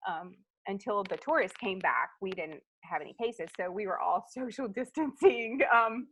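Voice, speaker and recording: A woman's voice: medium pitch, animated, moderate pace, fairly bright tone, a little hiss or hum, poor audio. A woman in her thirties, a guest in a casual interview, telling stories in a chatty way with lots of fillers. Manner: chatty storyteller, many fillers, acts out quotes. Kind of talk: casual chat.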